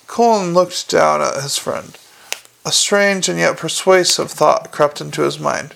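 A man narrates an audiobook in a dry, measured storytelling style. His voice sits a touch high and has a gravelly texture. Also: a bit bright. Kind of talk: scripted narration.

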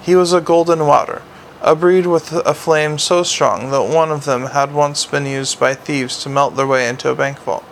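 A man's voice: on the high side, fairly even intonation, moderate pace, a little hiss or hum. A man narrating a fantasy story aloud, often stumbling and restarting words. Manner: reads with frequent slips and restarts. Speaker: audiobook narrator. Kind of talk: audiobook narration.

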